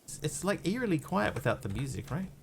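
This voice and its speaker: A man's voice: fairly high pitch, very animated, fairly quick, vocal fry, slight background noise. A man live-streaming a video game, chatting in a scattered way, yelping and thanking viewers as he plays.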